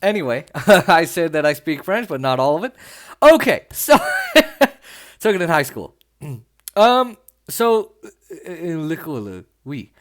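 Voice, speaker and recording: Brief: male political vlogger, high-pitched, sarcastic and mocking, casual solo talk. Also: big pitch swings, takes it slowly, pauses often. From Las Vegas, Nevada. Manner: sarcastic, laughs often, mocking. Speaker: political commentary host.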